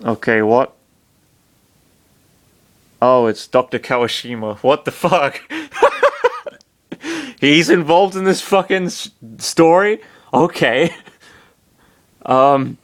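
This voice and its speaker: Male reader, mid pitch, casual and irreverent, sarcastic asides between lines. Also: smooth. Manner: casual, swearing, mocking asides. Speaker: reader of fan fiction. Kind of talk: casual dramatic reading with asides.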